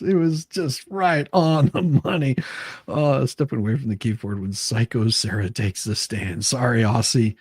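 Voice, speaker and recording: A man's voice: mid-range voice, darkish tone, no room sound, studio quality. A middle-aged man hosting a livestream, talking bluntly and rambling as he repeats himself. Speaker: stream host. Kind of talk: casual livestream commentary.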